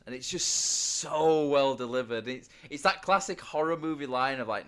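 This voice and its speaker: A man's voice: medium pitch, lively intonation, moderate pace, hardly any pauses, fairly bright tone. A man in a casual podcast chat, enthusiastic as he explains what he loves. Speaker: podcast co-host.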